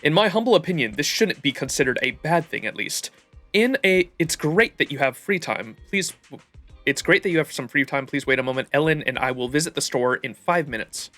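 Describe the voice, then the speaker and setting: Give me a man voicing a composed, courteous wolf-man butler in a game, with a bright tone. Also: on the high side, animated, brisk, dry recording, soft background music. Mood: polite. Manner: formal, courteous reading.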